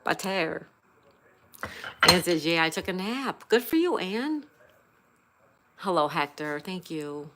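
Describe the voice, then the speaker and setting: Soft-spoken woman chatting on a baking livestream. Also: on the low side, lively intonation, slow, long pauses, background noise. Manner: soft, chatty, reads viewer names aloud. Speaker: livestream host. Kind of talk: casual live-stream chat while baking.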